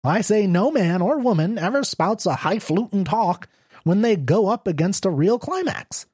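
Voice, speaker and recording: A man's voice: high-pitched, animated, normal speed, darkish tone, husky, no echo, studio quality. A man reading a stubborn, unshaven young story writer who speaks bluntly and with slang, in an audiobook. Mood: argumentative.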